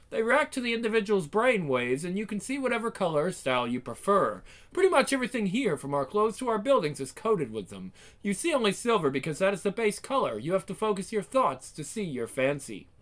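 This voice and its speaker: A man's voice: high voice, a bit bright. A man voicing a pompous, condescending older male scientist in a one-man game fan dub.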